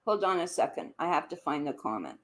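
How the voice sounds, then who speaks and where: A woman's voice: deep voice, big pitch swings, brisk. A woman ranting on a live stream, confronting someone directly, repeating her demands and swearing as her voice jumps up in anger. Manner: confrontational, accusing, repeating questions; swearing, voice jumps up when angry. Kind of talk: heated live-stream rant.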